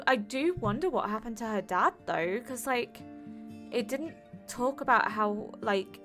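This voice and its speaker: Slow-talking, emotional woman gamer. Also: medium pitch. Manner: emotional, rambling, lots of "like". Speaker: gaming streamer. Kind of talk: reacting to a game's ending.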